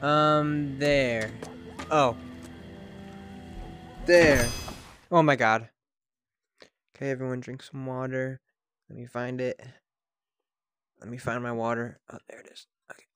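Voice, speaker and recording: A young man chatting excitedly to his viewers while streaming a game, swearing freely. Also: medium pitch, takes it slowly, long pauses, clear, resonant tone, faint music behind. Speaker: livestreamer. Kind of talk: casual live gameplay chatter.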